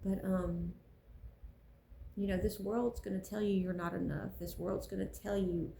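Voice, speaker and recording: A woman with a gravelly, mellow voice talks earnestly about her faith. She preaches in a loose, personal way and hammers points home by repeating them. The room is echoey. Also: mid-range voice, steady tone, a little slow, slight background noise.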